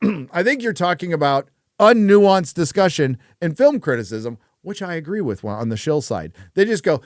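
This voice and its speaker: A man's voice: on the high side, big pitch swings, normal speed, dry recording, studio quality. Profane ranting male livestream host. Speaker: reads viewer donations aloud. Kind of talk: casual livestream chat.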